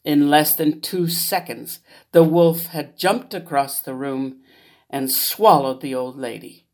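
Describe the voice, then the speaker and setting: A woman reading a children's fairy tale aloud in an expressive storyteller manner. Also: deep voice, takes it slowly.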